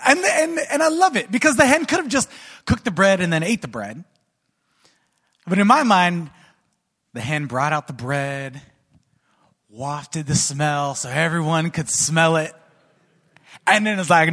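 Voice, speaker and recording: A man's voice: a little high, moderate pace. Man preaching in a reverberant hall. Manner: lively, conversational storyteller addressing a crowd. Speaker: guest speaker. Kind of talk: storytelling sermon. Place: large hall with an audience.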